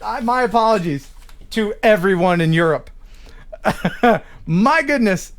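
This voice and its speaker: A man hosting a live drone show, chatting casually, upbeat and quick to laugh. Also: sits high, lively intonation. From United States. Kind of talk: casual live-stream chat.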